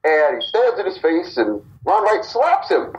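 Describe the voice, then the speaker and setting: Animated man telling a story, lo-fi sound. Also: high voice, measured pace. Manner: animated storyteller acting out quotes. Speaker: wrestling company co-founder. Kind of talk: casual podcast storytelling.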